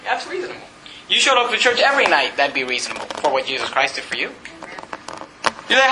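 A man pastor preaching a sermon with emphatic repetition, reading scripture slowly and deliberately. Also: high voice, sing-song, roomy sound, a crowd in the background, poor audio. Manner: emphatic preaching, repeats scripture references, reads King James verses slowly. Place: church.

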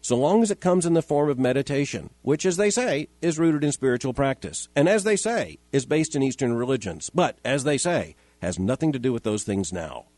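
A man hosting a podcast, giving measured, emphatic scripted commentary that quotes and rebuts with repetition. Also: medium pitch, expressive, a little mellow, no echo. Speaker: host of a daily commentary podcast.

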